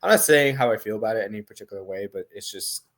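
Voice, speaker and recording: A man co-hosting a casual sports podcast, giving relaxed, analytical breakdowns. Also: on the low side, quick pace. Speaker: podcast co-host.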